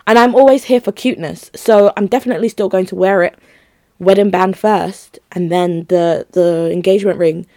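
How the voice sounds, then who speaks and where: A woman's voice: mid-range voice, steady tone, normal speed, darkish tone, dry recording, clean studio sound. A young woman chatting casually on her own to her listeners, rambling and giggly. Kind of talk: casual solo chat to listeners.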